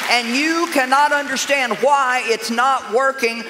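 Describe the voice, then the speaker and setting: An older woman preaching a humorous sermon, telling stories in an animated, sassy, self-mocking way. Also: high voice, measured pace, hardly any pauses, noisy background. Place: large church auditorium with a live congregation. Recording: echoey hall with crowd laughter.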